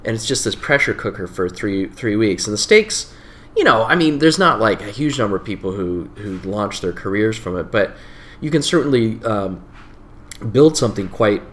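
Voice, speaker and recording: A man's voice: fairly low pitch, very animated, moderate pace, a bit bright. A man in his forties, a guest on an interview podcast, recounting stories in a rambling, self-correcting way. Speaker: improv director and teacher, podcast guest. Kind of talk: casual conversational interview.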